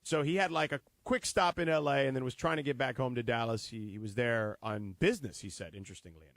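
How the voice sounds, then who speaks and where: A man co-hosting a sports radio show, chatting casually, reading an ad and telling a story with lively acted-out bits. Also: medium pitch, quick pace, no echo. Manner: animated storyteller, acts out scenes. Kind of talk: casual radio banter and live ad read. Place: radio studio.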